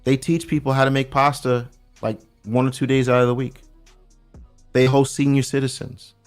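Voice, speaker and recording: Middle-aged Brooklyn man, casual podcast guest, slangy and lively storyteller, medium pitch. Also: moderate pace, clean tone, faint music behind. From Brooklyn, New York. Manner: animated storyteller, street slang, restarts a lot. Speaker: guest checking in from abroad.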